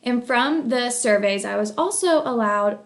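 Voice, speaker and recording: A woman working as a school technology coach, giving a recorded capstone project presentation in an earnest, measured way with frequent fillers. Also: fairly high pitch, animated.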